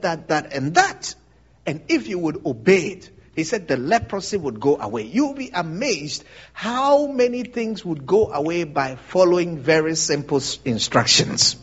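Animated husky preacher man, muffled. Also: high-pitched. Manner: animated, asks the congregation questions, laughs often. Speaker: pastor. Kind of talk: interactive Bible teaching sermon.

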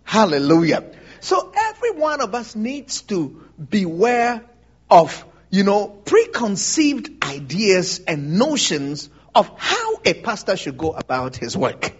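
Male pastor, very lively swooping voice, high and husky, quizzing the congregation. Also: takes it slowly, highs cut off. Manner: animated, asks the congregation questions, laughs often. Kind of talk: interactive Bible teaching sermon.

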